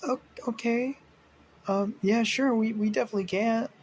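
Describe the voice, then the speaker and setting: A man voicing an excited young boy demigod who squeals with delight and stammers. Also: very high voice, normal speed, slight background noise, pitched above the performer's own voice. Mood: thrilled.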